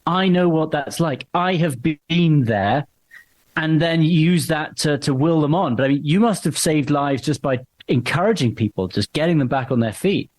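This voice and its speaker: A man's voice: fairly high pitch, moderate pace. A man hosting a podcast interview, asking thoughtful, supportive questions. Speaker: podcast host.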